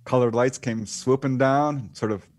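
Being interviewed as a guest, this author and UFO researcher recounts a case story in an animated, casual way, imitating the voices of those in it. His mid-range voice is unhurried, with no room sound.

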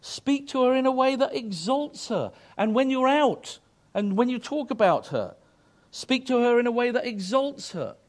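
A man's voice: extremely high pitch, lively intonation, moderate pace. A middle-aged man preaching a sermon to married couples, earnest and emphatic, rising to fervent exhortation.

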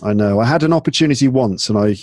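A man's voice: medium pitch, fast, dry recording. A man from England hosting a podcast, talking casually with lots of fillers and restarts. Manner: relaxed, chatty, frequent fillers and restarts. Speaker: podcast host and English teacher.

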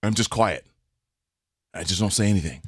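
During a casual podcast chat, a man in his forties tells a funny story at normal speed, recorded in clean studio sound without echo. He animates the tale by performing the quoted voices with sharp pitch jumps.

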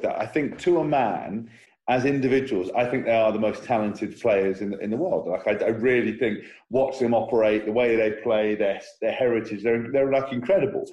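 A quick-talking man from England chats about rugby in a loose, excitable way. His voice bounces around an echoey room. He rambles with energy, like a former player among friends. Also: medium pitch. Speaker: former player, podcast co-host. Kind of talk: casual sports chat.

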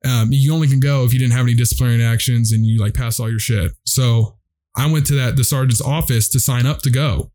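A man's voice: medium pitch, fairly even intonation, quick pace, mellow. Young guy rambling through a story with his buddies, lots of swearing and "you know", normal middle voice. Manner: rambling, profane, full of fillers and laughs. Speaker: guest telling a story. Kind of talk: casual storytelling among friends.

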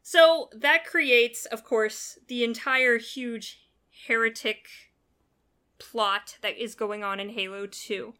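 Bright-voiced woman, animated podcast chat. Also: on the high side, slow, smooth. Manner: animated, recapping a story. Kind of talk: casual chat.

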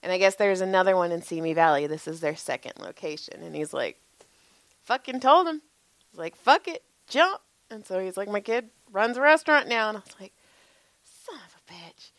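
Woman, 40s, lively profane storyteller, acts out quotes with laughter, dry mic. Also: mid-range voice, a little fast, no echo. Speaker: podcast co-host, massage therapist. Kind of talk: casual storytelling chat.

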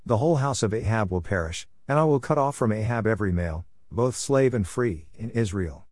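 Low-voiced man reading scripture. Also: no room sound, studio quality. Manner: steady, measured reading cadence. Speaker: Bible reader.

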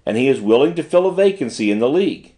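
A man's voice: medium pitch, big pitch swings, fast, warm tone, close to an everyday voice. A man voicing an eager, obliging male shop assistant who speaks reassuringly in an audiobook reading.

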